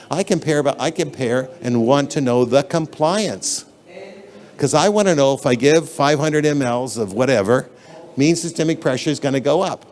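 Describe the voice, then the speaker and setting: A man's voice: medium pitch, darkish tone. A man giving a conference lecture in a lecture hall, talking in an emphatic, blunt and conversational way, addressing the audience directly.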